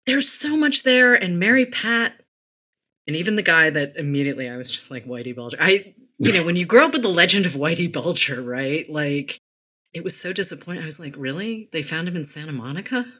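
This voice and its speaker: A woman's voice: on the low side, lively intonation, brisk, pushed and bright, husky. A woman from the Boston area, interviewing an author in an enthusiastic, chatty way. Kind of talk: casual interview talk.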